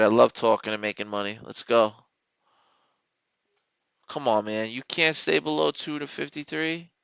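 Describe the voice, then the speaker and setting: A man's voice: medium pitch, gravelly, bright, forceful tone, smooth, dry recording. A man hosting a live stock trading stream, rambling and joking in casual commentary. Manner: joking, rambling, talks to the chart. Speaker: stock trading livestream host.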